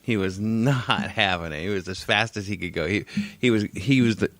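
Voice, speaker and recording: A man's voice: on the low side, normal speed, fairly bright tone, no echo. A man in his forties co-hosting a casual podcast, telling stories animatedly, swearing freely and acting out quotes. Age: 40s. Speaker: podcast co-host. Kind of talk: casual chat.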